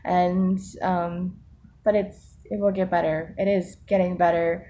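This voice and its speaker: A woman talking in a casual personal vlog, reflective and earnest, often laughing softly and restarting her sentences. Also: lowish voice, level tone, a little slow, lo-fi sound, a little hiss or hum. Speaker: vlogger.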